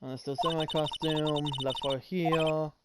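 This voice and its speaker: A woman streamer giving casual let's-play commentary, reading game dialogue aloud and reacting with loud laughter. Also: low-pitched, fairly even intonation, unhurried, heavy background noise. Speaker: gaming streamer.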